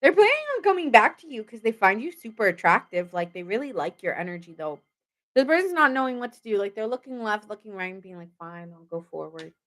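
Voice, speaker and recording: A woman's voice: on the high side, big pitch swings, quick pace, fairly bright tone. A young woman giving a casual live tarot reading. She rambles, laughs often and chats with her viewers. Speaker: tarot reader.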